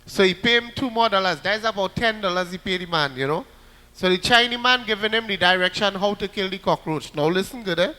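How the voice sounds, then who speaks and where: A man with a Trinidadian accent telling jokes on stage, loud and lively, slipping into put-on voices. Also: high voice, brisk, in a large hall. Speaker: comedian. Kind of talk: stand-up joke telling.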